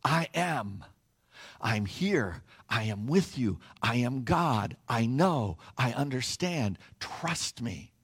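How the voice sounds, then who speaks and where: A man preaching a sermon, quoting Jesus in a lower, soft and steady tone. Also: slow pace, slightly rough, heavily acted. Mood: gentle reassuring. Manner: low soft steady assurance. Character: calm reassuring male divine voice of Jesus.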